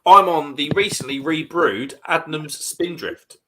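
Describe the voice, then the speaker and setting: A man's voice: on the high side, unhurried, pushed and bright. A man co-hosting a casual livestream, talking eagerly and with strong opinions about beer. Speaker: livestream co-host. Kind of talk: casual chat over a beer.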